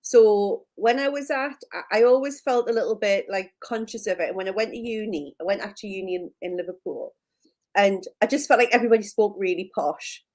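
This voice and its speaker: A woman's voice: mid-range voice, a little fast, a little mellow. A woman with a Newcastle Geordie accent telling stories in a chatty live chat, full of "like" and laughing at herself. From Newcastle, England. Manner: chatty storyteller, lots of "like" and self-deprecating laughs. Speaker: co-host.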